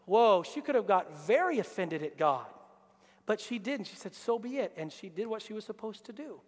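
A man preaching a lively sermon to his congregation, acting out Bible characters in put-on voices. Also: very high-pitched, normal speed. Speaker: pastor. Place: church hall. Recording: long reverb of a church hall.

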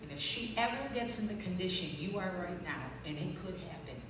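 A woman preacher telling her testimony as a story, acting out the voices of people in it and rising to loud, fervent peaks. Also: lowish voice, animated, brisk. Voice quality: distinctive voice. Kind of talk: testimony sermon. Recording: echoey hall from far off with noise.

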